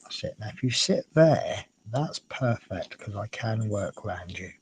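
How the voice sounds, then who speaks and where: A man's voice: on the low side, lively intonation, measured pace, noisy background. A man chatting casually on a livestream from home, rambling and cooing at his cat. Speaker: streamer. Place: at home indoors.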